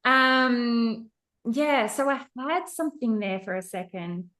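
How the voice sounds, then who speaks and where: A woman's voice: on the high side, expressive, takes it slowly, fairly bright tone. A woman hosting a podcast, chatting in a bubbly, informal way. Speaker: podcast host. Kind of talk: casual interview chat.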